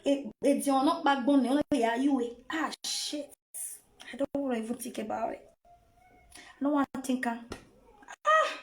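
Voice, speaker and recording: A woman's voice: high voice, lively intonation, normal speed, echoey room. A woman with a Nigerian accent giving dramatic reaction commentary, mocking and wailing in a theatrical way. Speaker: reaction vlogger.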